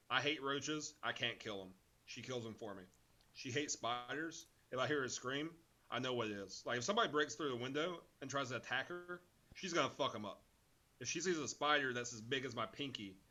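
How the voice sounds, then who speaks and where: Bright-voiced man telling a casual story. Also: medium pitch, normal speed. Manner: laid-back, profane storytelling. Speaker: podcast co-host. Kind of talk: casual chat.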